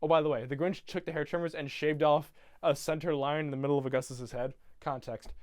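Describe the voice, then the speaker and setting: A man's voice: on the high side, fairly even intonation, a little fast, no room sound, studio quality. A young man casually retelling a film from memory, rambling with many fillers and swearing. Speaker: YouTuber.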